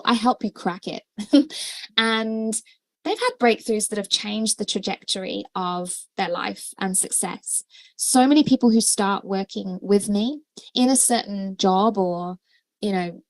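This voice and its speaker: A woman's voice: mid-range voice, darkish tone, dry recording. A woman hosting a livestream as a coach, talking casually with many fillers and restarts. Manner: chatty, many fillers and restarts, laughs often.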